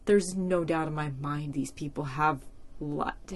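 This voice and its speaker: A woman's voice: low-pitched, steady tone, a little fast, vocal fry. A young woman hosting a solo podcast, talking casually and emotionally with many fillers, close to tears. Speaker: podcast host.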